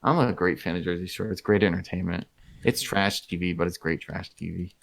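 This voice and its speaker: A man's voice: low-pitched, a little fast, vocal fry. A young man co-hosting a casual, joking podcast chat. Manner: joking, playful, does silly voices. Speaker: podcast co-host.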